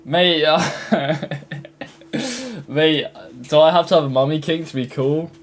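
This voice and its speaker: A man's voice: on the high side, fairly even intonation, a little slow. A man giving casual reaction commentary with a slightly raised voice. He jokes and sounds exasperated as he bounces between crude banter and mock complaints about clips of himself. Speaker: YouTuber reacting to fan-made clips.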